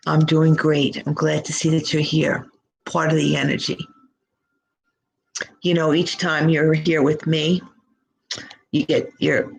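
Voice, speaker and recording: A woman as a slow, gravelly live-stream tarot reader, gushing and affectionate. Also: sits low, poor audio. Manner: gushing, affectionate, drawn-out words. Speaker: psychic reader.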